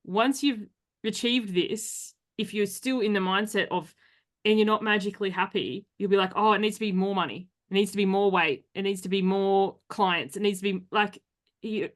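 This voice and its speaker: A woman hosting a podcast interview, talking casually with quick asides and frequent laughter. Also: mid-range voice. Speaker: podcast host.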